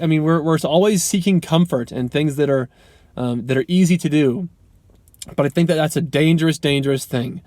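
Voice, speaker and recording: A young man with a slightly higher voice gives an earnest, motivational pep talk straight to camera. He rambles off the cuff, full of ums and false starts, and the sound is close and dry with no room around it. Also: a little mellow, dry recording. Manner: rambling, many ums and restarts. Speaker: vlogger. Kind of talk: casual unscripted vlog talk.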